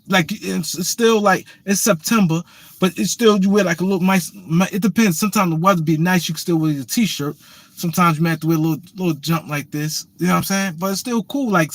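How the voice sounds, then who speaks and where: A man's voice: sits high, a bit bright, no room sound. A man telling a rambling, profane story in casual chat, full of restarts and "you know what I'm saying.".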